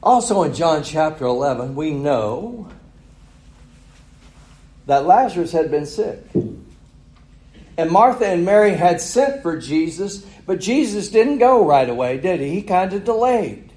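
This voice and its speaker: A man's voice: on the high side, sing-song, measured pace, pauses often, mellow, roomy sound, poor audio. A man preaching a sermon, retelling a story with chuckles and rhetorical questions. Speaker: pastor.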